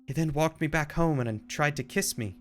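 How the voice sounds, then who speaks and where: Man reading as a yearning young lady diarist, shaky British accent drifting Irish, voice nudged a bit higher. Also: normal speed, soft background music, natural voice. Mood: earnest. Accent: shaky put-on British, slipping into Irish. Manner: reading a diary aloud in a put-on voice. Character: young upper-class woman diarist, yearning, rebellious.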